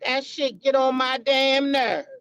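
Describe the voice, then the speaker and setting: High voiced woman ranting about reality tv, blunt and cussing a lot, aave. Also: steady tone, measured pace, a bit bright, clean tone, poor audio. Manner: blunt, profane, heated ranting. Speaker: reality TV commentary host. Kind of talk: casual commentary vlog.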